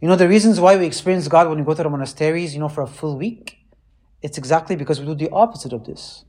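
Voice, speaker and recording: A man, a priest, preaching in a casual, animated way and often checking in with his listeners. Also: on the high side, fast. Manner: animated, keeps asking listeners "right?". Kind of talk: conversational sermon.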